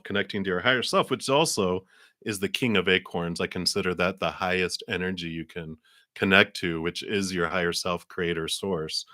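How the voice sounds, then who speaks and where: A tarot reader with a very deep voice gives a live reading in a bright, forceful tone, rambling through long, winding explanations packed with fillers. The sound is close and dry, with no echo.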